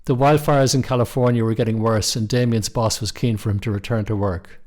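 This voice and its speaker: A middle-aged man, reading a short story aloud in a calm, measured way. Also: mid-range voice. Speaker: narrator.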